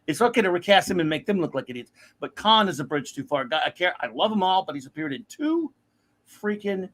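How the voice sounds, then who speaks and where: A man's voice: high voice, sing-song, fairly quick, a bit bright. A man hosting a casual pop-culture chat, ranting animatedly and mocking other people's voices. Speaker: podcast host.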